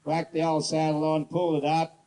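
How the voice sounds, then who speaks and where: A man horse trainer giving a casual outdoor demonstration, telling stories bluntly and coaxing a horse softly. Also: fairly high pitch, completely flat delivery, a little fast, rough recording. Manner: casual, rambling, blunt storyteller; soft coaxing talk to the horse. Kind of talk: demonstration lesson with storytelling.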